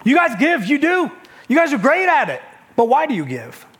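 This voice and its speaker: High-voiced pastor telling a family story. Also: male voice, moderate pace. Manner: storytelling with quoted family dialogue, repeats words when excited. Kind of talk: sermon.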